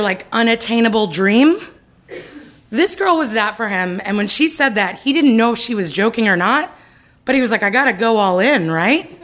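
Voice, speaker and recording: A young woman telling a comic personal story live on stage, animated and given to loud ranting retellings. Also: mid-range voice. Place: live stage before an audience. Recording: live show with a laughing crowd.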